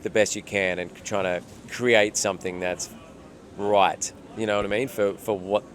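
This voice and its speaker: A man's voice: on the low side, level tone, moderate pace, slight background noise. A man with an Australian accent, an actor answering interview questions in a reflective way, thinking aloud with fillers.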